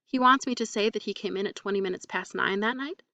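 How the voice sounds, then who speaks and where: A woman's voice: medium pitch, fast talker, no room sound, recorded from a distance. Woman voicing a cold, composed foreign wife. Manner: calm, clipped, coldly emphatic. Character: cold, foreign young wife, controlled and bitter.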